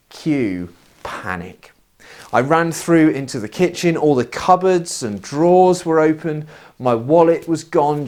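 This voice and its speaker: Man, preacher, sermon, slow-paced, lively intonation, wry storytelling. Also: a little high.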